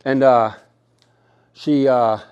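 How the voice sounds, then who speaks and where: A middle-aged man telling a story at a community gathering, relaxed and humorous with jokey asides. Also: medium pitch, drawn-out words, clear, resonant tone, highs cut off. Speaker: storyteller and speaker.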